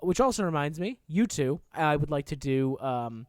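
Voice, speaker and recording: Male podcast host, high voice, dry close sound, rambling casual gaming chat. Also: animated, moderate pace, a little mellow, dry recording. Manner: rambling, filler-heavy, playful.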